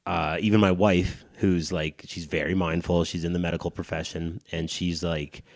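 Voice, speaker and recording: Man, 30s, podcast co-host, very low voice, rambling crude storyteller, dry close sound. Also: level tone, moderate pace, creaky, dry recording. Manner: rambling, self-mocking storyteller with crude humor. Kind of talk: casual storytelling chat.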